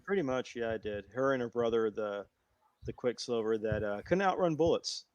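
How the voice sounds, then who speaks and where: A man co-hosting a podcast, an excitable comic fan chatting about a movie and sharing comic trivia. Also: normal speed, smooth, no room sound, highs cut off. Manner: excitable fan, nerdy comic trivia, swings his pitch. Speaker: podcast co-host. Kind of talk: casual movie review chat.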